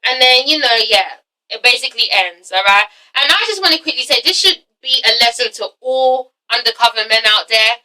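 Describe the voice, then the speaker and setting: A high, very bright young woman's voice, heard from a little way off the mic. She talks about a reality show in a casual, emphatic way, swearing freely and tagging lines with "okay?" and "all right?". She acts out quotes with big jumps in pitch. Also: lively intonation, moderate pace, far from the mic, poor audio. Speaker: vlogger reviewing a reality show. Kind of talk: casual vlog review.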